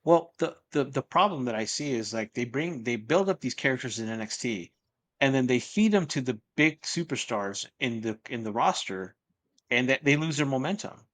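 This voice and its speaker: Male co-host, mid-pitched, profane, animated storyteller. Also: normal speed. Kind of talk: casual chat.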